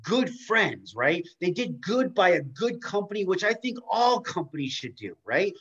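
Casting: fired-up man with a higher voice, muffled video-call audio, motivational co-host. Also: moderate pace, husky. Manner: emphatic, animated, swears casually. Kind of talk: casual motivational talk.

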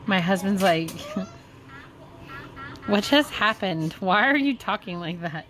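Slow-talking teasing woman vlogger. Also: mid-range voice, animated, fairly bright tone, slight background noise. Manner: teasing, playful. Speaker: vlog host. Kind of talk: casual chat.

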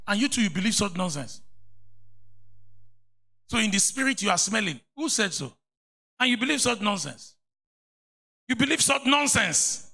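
Nigerian pastor guy preaching, rough gravelly voice, kinda husky, teasing his congregation. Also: high voice, normal speed, pauses often. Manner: animated, mocking and preachy. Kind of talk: sermon. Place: church.

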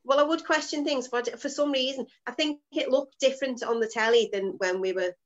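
A woman's voice: high voice, fairly quick, dull audio. A woman, an actress guest talking hesitantly with many restarts. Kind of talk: casual interview chat.

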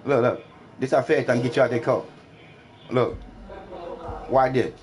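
A man's voice: mid-range voice, steady tone, moderate pace, a little mellow. A man trash-talking another player during an online game, taunting and mocking with repetitive jeers.

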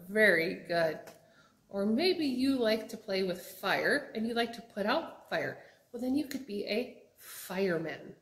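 A young woman teaching children job words, asking them to repeat each word in a slow, sing-song way. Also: mid-range voice. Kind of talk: children's vocabulary lesson. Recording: echoey room.

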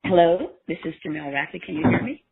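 Man from South Carolina, fast and friendly caller, gravelly, somewhat high, over a phone line. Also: lively intonation. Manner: fast-talking, friendly, polite. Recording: tinny phone line with faint noise.

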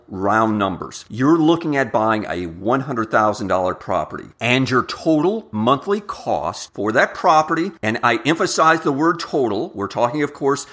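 A man's voice: mid-range voice, a bit bright. A man hosting a money channel, talking through investment examples in an emphatic, repetitive way. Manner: emphatic, repeats key words, spells out examples. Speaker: finance channel host. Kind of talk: scripted-sounding investing talk to camera.

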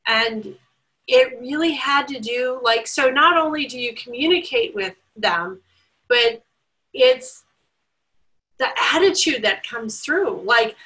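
A woman host with a high, bright voice talks with a guest in a casual interview. She gushes in a chatty way and fills her sentences with fillers. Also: expressive, slow pace, poor audio. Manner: gushing, chatty, filler-heavy.

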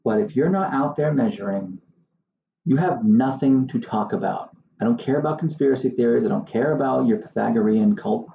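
A man's voice: medium pitch, moderate pace, creaky, dark tone, reverberant, muffled recording, slight background noise. A man who hosts his own channel as a surveyor, talking casually to the camera in a wry, exasperated way. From Southern Maine. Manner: wry, exasperated, mocking impressions of others.

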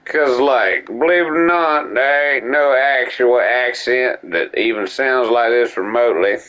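Guy putting on a silly thick drawl, slurry and rambling, super slow. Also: fairly low pitch, fairly bright tone, pitched below the performer's own voice. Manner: overdone folksy drawl, mumbled and run-together. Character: man in an exaggerated rambling drawl.

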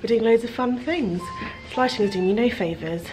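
A woman's voice: on the high side, a little fast, over music. A woman talking chattily and bubbly to a handheld vlog camera while walking a city, laughing often. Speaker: travel vlogger. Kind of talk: casual travel vlog. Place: walking outdoors in busy city streets. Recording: street noise behind the voice.

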